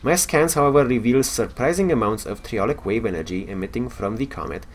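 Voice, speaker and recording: A man with a Romanian accent reading the log of a curious male science officer in a space game, measured with small stumbles. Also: mid-range voice, lively intonation.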